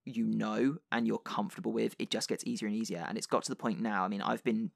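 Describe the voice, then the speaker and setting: Gravelly low-voiced man chatting. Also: steady tone, quick pace, dry recording, studio quality. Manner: chatty, many fillers and restarts. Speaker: podcast host and dungeon master. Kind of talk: casual podcast chat.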